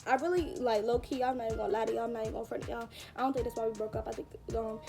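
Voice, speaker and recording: A young woman with a high voice tells a story to her camera in a loose, chatty vlog style. She is animated and pokes fun at herself as she talks straight to her viewers. Faint music plays behind her. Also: very fast, vocal fry. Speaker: vlogger. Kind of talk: casual storytime chat to camera.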